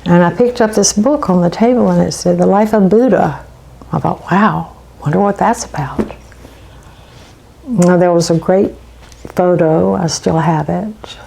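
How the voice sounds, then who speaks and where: An older woman telling a personal story in an unhurried way, pausing often with ums. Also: on the low side, gravelly, dark tone, poor audio. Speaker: interviewee. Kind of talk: personal reminiscence.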